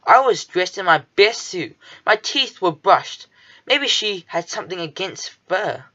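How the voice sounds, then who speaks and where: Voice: medium pitch, expressive, measured pace, bright, forceful tone, dull audio. A reader narrating a children's storybook in the first person, with a nervous, fussy manner. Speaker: audiobook narrator.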